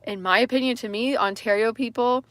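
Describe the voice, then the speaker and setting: A woman's voice: fairly high pitch, steady tone, a little fast, fairly bright tone. A young woman with a subtle western Canadian accent talks loosely to her livestream viewers. Her speech rambles, full of fillers and self-deprecating asides. The sound is dry and close, with no room echo. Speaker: livestream host. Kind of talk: casual livestream chat reading comments.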